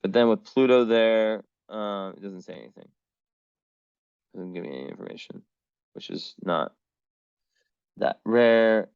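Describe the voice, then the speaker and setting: A man's voice: fairly low pitch, a little slow, gravelly, pauses often, darkish tone, smooth, dry recording, lo-fi sound. A man reading astrology charts in a casual, rambling way, full of fillers and the odd swear word.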